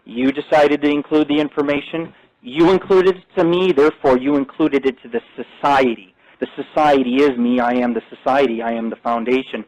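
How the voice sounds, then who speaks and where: A man's voice: medium pitch, steady tone, brisk, a little mellow, no room sound, poor audio. A middle-aged man hosting a live internet radio talk show, ranting and boasting in crude, profane language.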